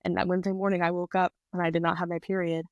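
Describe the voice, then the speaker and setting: A woman's voice: lowish voice, racing, clear, resonant tone, no echo, lo-fi sound. Chatty young woman telling a story. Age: 20s. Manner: chatty, animated retelling with quoted voices. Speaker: podcast guest. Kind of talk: casual storytelling.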